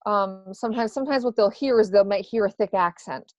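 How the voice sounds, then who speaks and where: A woman's voice: mid-range voice, brisk, a little hiss or hum. A woman who works as a psychic medium, answering questions in a casual interview, hesitant and full of fillers. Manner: hesitant, many fillers and restarts. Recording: dry, dull lo-fi sound.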